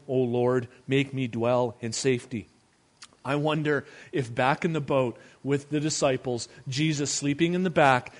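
Man preaching a sermon, slightly high voice, hushed then emphatic, pastor in the pulpit. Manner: preaching with swings between hushed and emphatic delivery.

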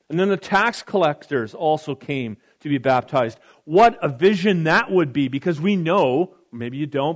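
Male pastor, slightly higher voice, conversational preacher who reads scripture and adds asides. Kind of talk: sermon.

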